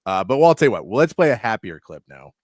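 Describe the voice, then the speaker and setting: Texan sports radio host, chatty and laughing, mid voice, dry close mic. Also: male voice, lowish voice, sing-song, fast, no echo. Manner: chatty storyteller who laughs as he talks. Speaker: sports talk show host. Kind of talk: casual sports talk.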